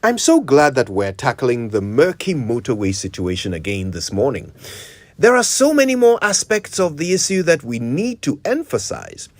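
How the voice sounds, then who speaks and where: A man's voice: medium pitch, huge pitch swings, moderate pace, slight background noise. A man presenting a scripted radio tip on correct English usage, in a didactic, explaining manner.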